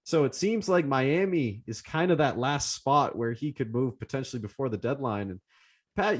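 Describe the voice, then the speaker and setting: A man's voice: medium pitch, sing-song, normal speed. A young man co-hosting a sports podcast, casually steering the talk to the next topic with enthusiasm. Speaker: podcast co-host.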